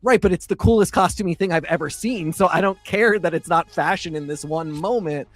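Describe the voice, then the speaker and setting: Guy cohosting a chat show, kinda high voice, rambly, faint music under it. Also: brisk. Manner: chatty, digressive, many fillers. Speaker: podcast co-host. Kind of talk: casual chat.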